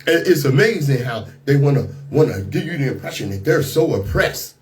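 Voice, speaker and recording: A man's voice: mid-range voice, lively intonation, brisk. A man hosting a radio talk show, giving outspoken, indignant commentary on the news and often repeating and restarting his words.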